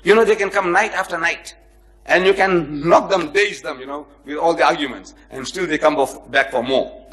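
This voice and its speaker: A man's voice: fairly high pitch, moderate pace. A man giving a public lecture to a live audience, telling anecdotes and acting out the people in them, joking with and chiding his listeners. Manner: animated storyteller who acts out the people in his anecdotes. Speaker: lecturer on comparative religion.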